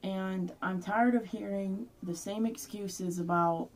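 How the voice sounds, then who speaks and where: A woman's voice: medium pitch, steady tone, measured pace, few pauses, darkish tone. A young woman speaking in an angry, heated vlog rant, swearing often. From Hispanic background. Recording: voice somewhat far from mic.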